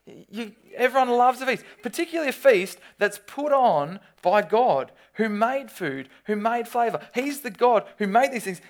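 A preacher, giving a sermon with animated storytelling and quick restarts. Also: mid-range voice.

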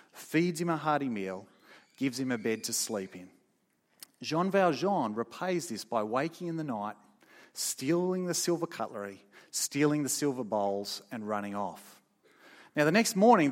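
Emphatic preacher with hall echo. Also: male voice, medium pitch. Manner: emphatic, storytelling, swings from loud to soft. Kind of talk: sermon. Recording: long hall reverb.

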